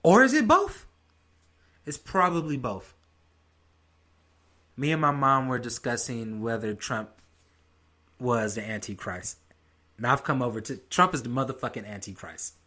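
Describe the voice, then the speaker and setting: A man's voice: mid-range voice, moderate pace, pauses often. A young adult man hosting his own podcast, ranting in a heated, profane, casual way. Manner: heated, profane, lively rant. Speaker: podcast host. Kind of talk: casual solo commentary.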